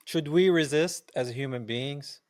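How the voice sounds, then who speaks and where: This podcast host, a man from Palestine, leads a casual interview in an unhurried, slightly mellow voice that sits on the high side. The recording has no room sound, and his delivery is impassioned, emphatic, and sprinkled with rhetorical asides.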